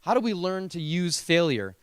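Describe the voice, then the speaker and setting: A man's voice: high voice, big pitch swings, moderate pace, smooth, no room sound. A man who teaches speech, giving a motivational keynote to parents and telling stories in an earnest, emotional and emphatic way.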